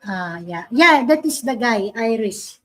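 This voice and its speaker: A woman hosts a relaxed live-stream chat. Her voice sits a little high and she speaks slowly, pressing her questions with simple, phrasing. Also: low-quality recording. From Philippines. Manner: questioning, insistent, non-native grammar. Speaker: livestream host.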